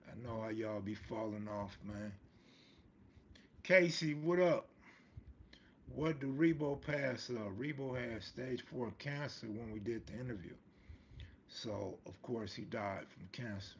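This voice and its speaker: A man's voice: medium pitch, creaky, darkish tone, dull audio, a little hiss or hum. A man hosting a live stream, chatting casually in street slang and answering viewers' comments. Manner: laid-back street slang, reads and answers chat comments. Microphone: streaming mic.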